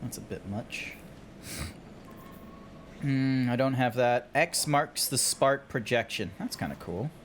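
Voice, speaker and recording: A man's voice: medium pitch, takes it slowly, long pauses, a little hiss or hum. A young Australian man chatting casually on a gaming stream, playful and rambling, swearing now and then.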